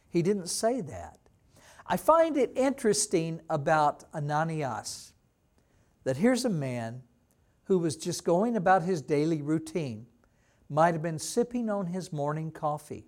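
Slow, deliberate male pastor preaching. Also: on the high side, very animated. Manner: slow, deliberate teaching with dramatic voiced quotes. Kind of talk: sermon. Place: church.

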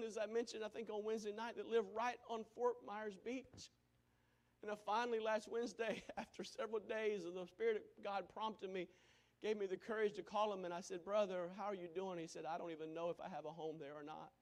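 A high-pitched male preacher delivering a sermon. He swings from loud, emphatic preaching to hushed lines that drop almost to a whisper.

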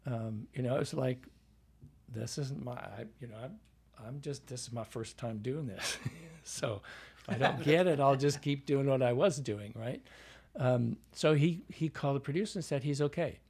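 A man's voice: mid-range voice, normal speed, gravelly, a little mellow, breathy edge. A man from Iowa with a Midwestern American accent, a dialect coach telling anecdotes in an interview and acting out the voices he quotes. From Iowa, USA. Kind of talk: storytelling interview.

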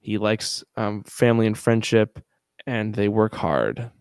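A man co-hosting a podcast in casual chat, easygoing and agreeable, reading aloud a little haltingly. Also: fairly low pitch, darkish tone, clean tone, no room sound, clean studio sound. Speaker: podcast co-host.

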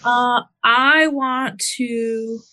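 Bright, slow-speaking woman player. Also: a little high, fairly even intonation. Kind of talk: casual play at a tabletop game.

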